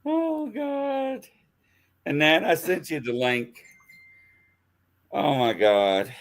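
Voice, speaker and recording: The host of this casual live-stream chat is a man with a medium-pitched voice who talks slowly but animatedly. He laughs often and spells out names while typing.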